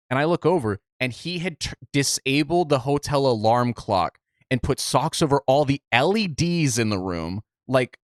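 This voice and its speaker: A man's voice: medium pitch, fairly bright tone, dry recording, clean studio sound. A man co-hosting a podcast, telling a long story in casual chat, rambling with many restarts. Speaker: podcast co-host.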